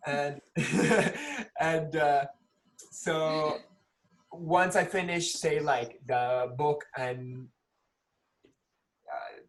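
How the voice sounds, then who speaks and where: Male guest, forties, casual, filler-heavy, unhurried. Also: fairly high pitch. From Peru. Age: 40s. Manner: relaxed, rambling with many fillers. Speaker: guest artist. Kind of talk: casual podcast interview.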